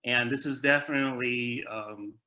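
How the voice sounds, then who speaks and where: A man's voice: mid-range voice, steady tone, normal speed, bright, forceful tone. A man co-hosting a review show, chatting casually and agreeably, often repeating words as he restarts. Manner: stammering restarts, agreeable and enthusiastic. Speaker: movie review show co-host.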